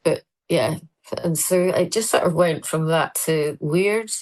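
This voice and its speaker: A woman presenter and comedian chatting as a guest, telling lively anecdotes and mimicking the people she quotes. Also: low voice, measured pace, low-quality recording. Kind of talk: casual anecdotal chat.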